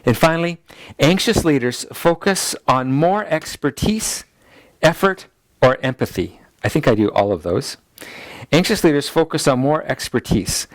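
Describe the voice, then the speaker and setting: A man's voice: a little high, lively intonation, moderate pace, no echo. A man teaching a ministry school class, repeating key points so listeners can note them down. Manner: acts out people's anxious inner voices in quotes. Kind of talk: teaching lecture.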